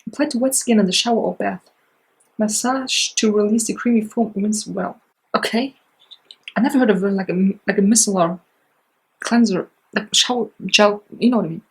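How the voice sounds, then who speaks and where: Chatty husky-voiced woman unboxing beauty products. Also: mid-range voice, moderate pace, poor audio. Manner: chatty, excitable, lots of fillers. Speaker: beauty vlogger. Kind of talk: casual unboxing chat.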